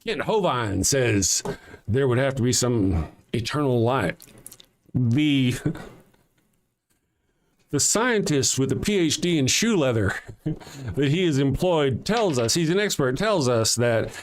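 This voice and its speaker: A man's voice: mid-range voice, expressive, slow, pauses often. An older man with a Southern US accent hosting a casual livestream, reading viewer comments aloud in a blunt, profane way and chuckling often. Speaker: livestream host.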